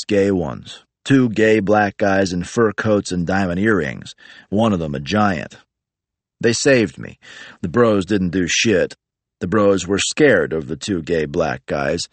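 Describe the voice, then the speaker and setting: A man reading a first-person story in a flat, profane, matter-of-fact way. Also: low voice, dry recording. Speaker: narrator.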